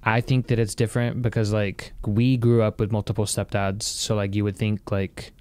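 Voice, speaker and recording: A man's voice: on the low side, level tone, moderate pace, darkish tone, clean tone. A young man talking as a podcast guest in casual chat, laid-back and matter-of-fact.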